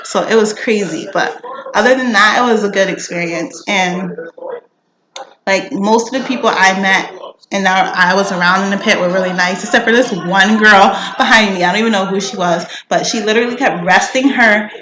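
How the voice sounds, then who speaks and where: A young woman vlogger excitedly retelling a story, gushing and peppered with "like," breaking into screams when she acts it out. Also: medium pitch, normal speed. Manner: gushing, lots of "like" fillers, bursts into screams when reenacting. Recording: echoey room with noise.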